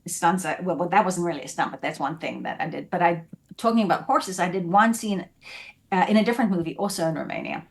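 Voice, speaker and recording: Animated woman from South Africa telling stories. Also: fairly low pitch, fast talker, gravelly. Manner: animated, acts out scenes and voices. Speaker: actress guest. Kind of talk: casual interview storytelling.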